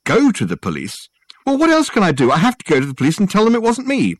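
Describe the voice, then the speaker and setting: A man's voice: medium pitch, very animated, fast talker, slightly rough, dry recording, pitched above the performer's own voice. A male audiobook narrator voicing a panicked young man who pleads in a raised, strained voice. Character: frantic young man under suspicion.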